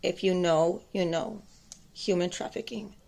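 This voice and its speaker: With a low, warm, gravelly voice and a steady tone, a mother of two boys who does tarot vlogs tells a personal story to camera at a measured pace. She's rambling and intense, defiant in tone, with frequent fillers.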